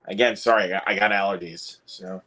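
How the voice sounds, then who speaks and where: Young American man, low-pitched voice, loose rambling livestream chatter. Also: fairly even intonation, fast talker, sharp tone. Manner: rambling, with frequent restarts. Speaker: livestream co-host, film reviewer. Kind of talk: casual livestream chat.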